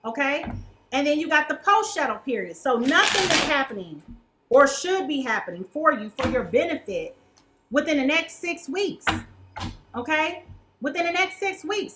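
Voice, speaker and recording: A woman's voice: sits high, expressive, normal speed, noisy background. A woman giving a casual tarot reading, chatty and colloquial, who keeps checking in with "okay?". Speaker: tarot reader.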